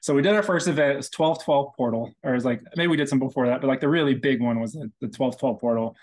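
A man's voice: mid-range voice, quick pace, a little mellow. A man guesting on a podcast, telling his story in a casual, rambling way full of "like". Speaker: podcast guest, breathwork practitioner.

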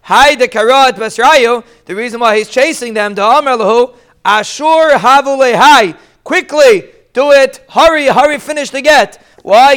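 A man with a high, smooth, resonant voice teaches a Talmud study lesson. He works through the Aramaic line by line in relaxed English, with frequent restarts, and raises his voice when he acts out the quoted speakers.

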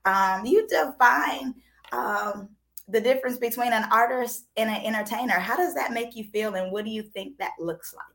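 A woman's voice: fairly high pitch, normal speed, fairly bright tone. A woman hosting a chat show, bubbly and playful, laughing often and breaking into song. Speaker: podcast host.

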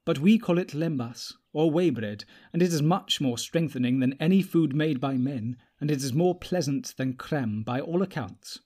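A man voicing a group of merry, gracious elves who speak in a bright, lilting way. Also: a little high, expressive, normal speed, few pauses.

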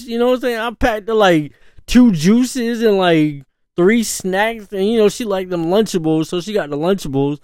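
Man, dad, casual storyteller, slangy and laughing, smooth tone, dry mic. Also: sits high, moderate pace, darkish tone, no room sound. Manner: loose slangy talk, full of "you know" asides and laughs. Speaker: parent.

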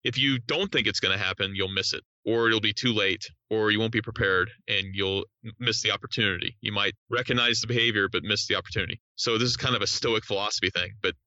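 A man's voice: on the low side, fast talker, no echo, muffled recording. A man, a hostage negotiator, explaining negotiation in a podcast interview with emphatic, repetitive phrasing. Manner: emphatic, repeats phrases, rising excitement on key points.

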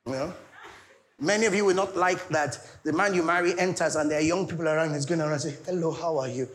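A middle-aged Nigerian man preaching a sermon, swinging between loud declarations and soft pleading asides. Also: fairly high pitch, fairly even intonation, fast talker. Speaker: pastor.

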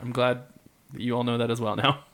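A man chatting on a podcast at a middle pitch, circling around his point. He restarts and corrects himself mid-sentence, and his tone stays playful. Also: little pitch movement, fairly quick, a bit bright. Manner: rambling, self-correcting, playful. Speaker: podcast co-host. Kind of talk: casual chat.

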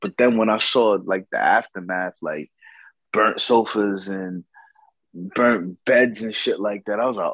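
Man, casual storytelling, slangy and profane, husky, dry close mic. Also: on the low side, unhurried, dry recording, low-quality recording. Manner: slangy, profane, animated quoting of others.

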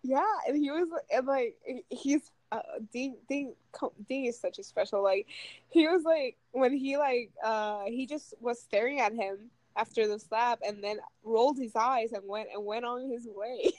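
An excitable woman co-hosting a chatty podcast, her voice pitched a little high and recorded close and dry. She rambles through stories and laughs often. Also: measured pace, no room sound. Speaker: podcast co-host. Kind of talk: casual chat.

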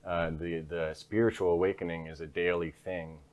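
A man's voice: deep voice, little pitch movement, normal speed, darkish tone, highs cut off. A man speaking frankly in an interview, telling his story in a casual, conversational way and often tagging his sentences with "right?". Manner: frank, repeats "right?" tags. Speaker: interview guest.

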